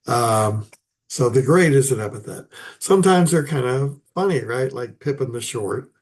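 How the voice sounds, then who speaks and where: A man giving a casual, halting lecture on poetry, with many fillers and restarts. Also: medium pitch, expressive, darkish tone. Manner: halting, many fillers and restarts, chuckles at his own asides. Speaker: literature teacher.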